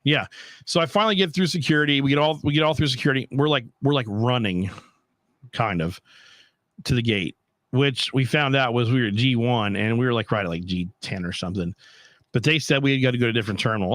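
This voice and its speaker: A young man, the host, telling a travel story in an animated, profane rant. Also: medium pitch, fairly quick, long pauses, no room sound. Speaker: podcast host. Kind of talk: casual storytelling.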